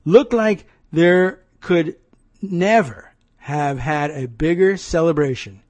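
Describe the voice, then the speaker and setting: A man's voice: on the high side, slow pace, no room sound. A man doing an impression of a boastful, self-aggrandizing male president who rambles as he brags. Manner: bragging, rambling.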